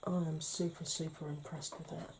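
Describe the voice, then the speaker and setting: A woman talks through her makeup tutorial in a lowish, mellow voice. She chats casually and often slips into a whisper while she blends. A faint hiss sits under the recording. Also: flat delivery, normal speed. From United Kingdom. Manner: chatty, often drops to a whisper while working. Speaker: makeup vlogger.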